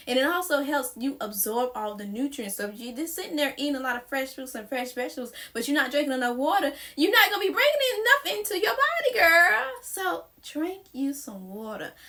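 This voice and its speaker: Sassy, bright-voiced woman vlogger. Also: high voice. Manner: sassy, playful, addresses viewer as girl and sis. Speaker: wellness vlogger. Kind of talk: casual chatty advice vlog.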